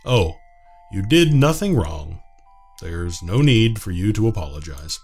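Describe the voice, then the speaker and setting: A man's voice: sits low, very animated, a little slow, darkish tone, husky, soft background music, exaggerated voice. A man voicing a cold, aloof man in a visual novel who speaks curtly and formally. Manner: curt, formal, dismissive. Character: cold, aloof male mnemonicide, grudging and stern.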